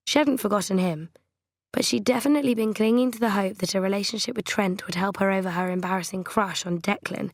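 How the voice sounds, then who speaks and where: A woman narrates a novel in a measured, gently wry way. Her voice sits at a middle pitch. The recording is dry, with no room sound. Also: dry recording. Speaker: audiobook narrator. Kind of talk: scripted narration.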